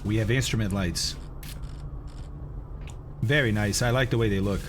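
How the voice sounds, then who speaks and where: A man live-streaming a flight simulator, chatting casually with viewers and explaining instrument approaches while eating, often clearing his throat. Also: fairly low pitch, moderate pace, slight background noise. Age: adult, has kids.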